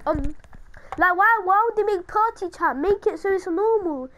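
Very high-pitched excitable woman gamer. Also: moderate pace, rough recording. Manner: excitable, taunting other players. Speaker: gameplay commentator. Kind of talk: casual gaming commentary.

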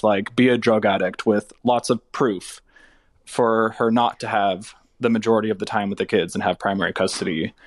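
Man, from Texas, podcast caller, voicemail, earnest, steady, dry. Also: fairly low pitch, no echo. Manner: earnest and steady, plainly stating a grievance. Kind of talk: recorded voicemail question.

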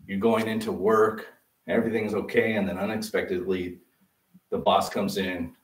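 A man preaching a sermon as pastor, lively and conversational, full of rhetorical questions. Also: lowish voice, normal speed. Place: church sanctuary. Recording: roomy sound from a distance.

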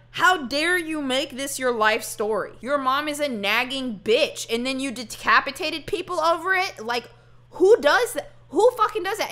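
This woman's voice sits high and sounds pushed and bright. She's a streamer reacting to a true crime interview, bluntly swearing and arguing with her chat in casual, incredulous commentary.

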